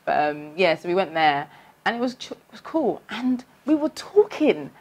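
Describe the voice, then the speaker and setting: A young London vlogger tells a personal storytime at normal speed, speaking chattily and animatedly straight to her viewers. Her speaking voice is on the lower side but leaps high whenever she acts out what she thought back then, with big pitch jumps.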